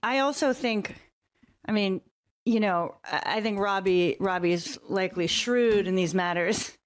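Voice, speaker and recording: A woman's voice: mid-range voice, measured pace. A woman co-hosting a podcast in casual chat, teasing her friend and pressing her with probing questions. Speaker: podcast co-host.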